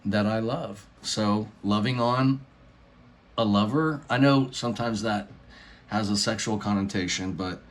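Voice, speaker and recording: A man's voice: fairly low pitch, measured pace. A middle-aged man vlogging casually into his phone, rambling with many fillers and restarts, earnest and laughing between phrases. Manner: meandering, lots of fillers and restarts. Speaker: YouTuber.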